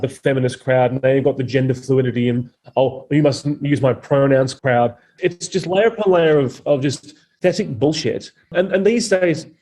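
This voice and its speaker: A man's voice: medium pitch, a little mellow. A man, a comedian guest on a podcast, speaking bluntly and opinionatedly and swearing freely in casual conversation.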